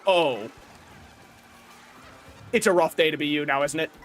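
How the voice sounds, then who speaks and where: High-voiced excitable male streamer. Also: measured pace. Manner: excitable, profane banter with chat. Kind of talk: live gameplay commentary. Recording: faint game music behind.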